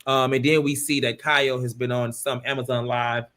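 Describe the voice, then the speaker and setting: A man's voice: medium pitch, level tone, moderate pace, fairly bright tone. A man hosting a casual reality-TV review panel over a video call, recapping loosely with lots of fillers. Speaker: podcast host.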